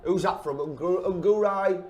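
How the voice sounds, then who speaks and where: A man's voice: high voice, normal speed, a crowd in the background. A man hosting a football fan show, joking and reading out viewer comments in casual banter.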